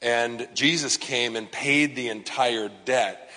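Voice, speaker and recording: A man's voice: mid-range voice, slow pace, bright, forceful tone, big-room sound. A man, a pastor, preaching in a casual, conversational way with frequent fillers and asides. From Southern California. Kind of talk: sermon.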